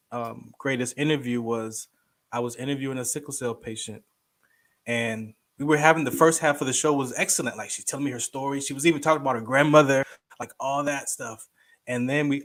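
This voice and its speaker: A man in his thirties chatting casually as a guest co-host, telling stories with lively acted-out quotes. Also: mid-range voice. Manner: animated storyteller, acts out quoted voices. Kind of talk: casual chat.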